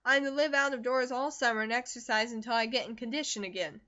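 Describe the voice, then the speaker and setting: A woman reads as a young man getting over a long fever, still cheerful and eager to talk. He comes across as brisk and emphatic. The audiobook sound is a little dull in the highs. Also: pushed and bright.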